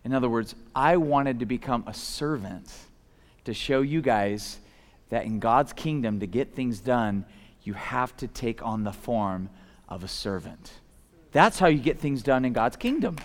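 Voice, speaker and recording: A man preaches a casual, animated sermon a little slowly, swinging between loud, emphatic shouts and soft, low asides, full of conversational fillers. The recording has a long hall reverb.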